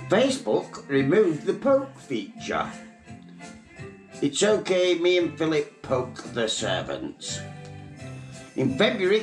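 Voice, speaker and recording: A man putting on a high falsetto voice to play an elderly, crude queen giving a mock-regal, sweary speech. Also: echoey room. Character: elderly queen, plummy and crude, mocking the year.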